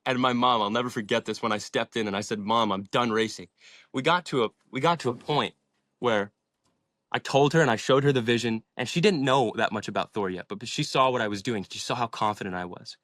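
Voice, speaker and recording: A man's voice: mid-range voice, fairly bright tone, no room sound, clean studio sound. A young man in his twenties, a podcast guest, telling his story in a passionate, inspirational way and swearing freely. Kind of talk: casual storytelling in an interview.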